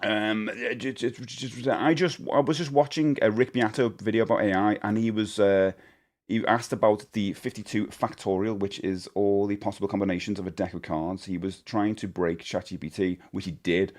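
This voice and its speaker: A man's voice: lowish voice, fairly even intonation, moderate pace, darkish tone. A man chatting casually to his live-stream viewers. He rambles and corrects himself as he goes, and he laughs often. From United Kingdom.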